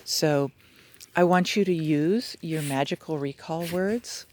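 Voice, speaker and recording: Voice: mid-range voice, slow, darkish tone, slight background noise. A dog trainer giving a casual, upbeat outdoor lesson, chatty and full of fillers and restarts. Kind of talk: casual instructional talk. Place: outdoors in brushy terrain with dogs.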